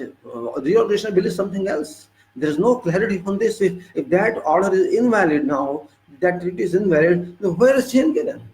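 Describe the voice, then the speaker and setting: A man with an Indian English accent, talking in a somewhat high voice. He delivers an impassioned political monologue and presses his points with repeated rhetorical questions. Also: a little mellow, poor audio. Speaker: political commentator.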